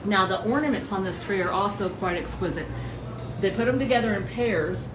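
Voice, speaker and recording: A chatty, gushing woman with a mid-range voice walks through a showroom. She sounds a little away from the mic, in a roomy, echoey space with steady background noise. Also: medium pitch, a little fast, far from the mic. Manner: enthusiastic, chatty, gushing over details. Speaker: showroom presenter. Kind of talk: casual product walkthrough. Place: large indoor showroom with customers.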